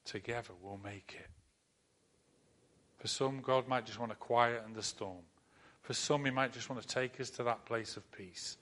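A man preaching a sermon in an earnest manner, repeating phrases and dropping to a soft, comforting tone. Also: medium pitch, normal speed. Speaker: pastor.

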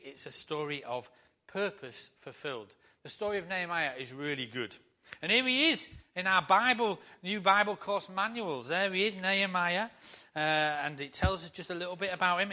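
A man's voice: high-pitched, bright, forceful tone. A male pastor giving a conversational sermon to his church, full of rhetorical questions.

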